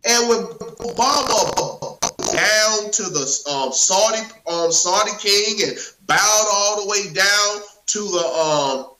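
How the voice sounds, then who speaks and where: A man's voice: high-pitched, takes it slowly, bright, forceful tone, a little hiss or hum. A man co-hosting a political talk show in casual discussion, emphatic and repeating himself as he searches for words. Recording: roomy echo.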